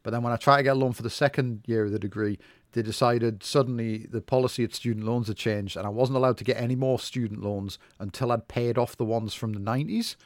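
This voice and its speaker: A man's voice: medium pitch, fairly even intonation, fast talker, no room sound. A middle-aged man co-hosting a podcast, telling a story in hesitant, rambling, self-mocking casual chat. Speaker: podcast co-host.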